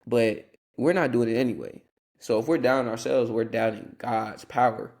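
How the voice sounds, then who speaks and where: With a darkish, medium-pitched voice at a moderate pace, a young podcast host talks earnestly about Christian topics. He wanders casually, often restarting and slipping in asides.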